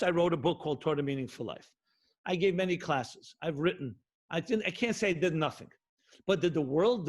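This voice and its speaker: A man's voice: high-pitched, husky. A middle-aged man, a rabbi, giving an impassioned sermon with emphatic repetition and rhetorical questions. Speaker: rabbi teaching Jewish spirituality.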